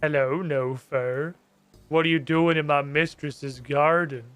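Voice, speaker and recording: Man voicing aloof talking cat, slow delivery, bright voice, game dialogue. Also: a little high, steady tone, clean tone, dry recording. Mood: haughty.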